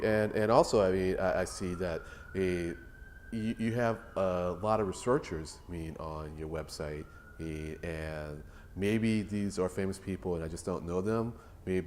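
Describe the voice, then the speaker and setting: A man's voice: deep voice, a little mellow, slight background noise. A man hosting a casual interview, asking persistent, curious questions. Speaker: interviewer and host.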